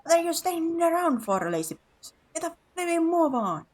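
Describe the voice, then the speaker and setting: A woman voicing a cheeky, bossy male fairy sidekick who talks roughly and bluntly. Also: extremely high pitch, big pitch swings, normal speed, pitched above the performer's own voice. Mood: impatient. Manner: gruff, blunt, calls the boy names.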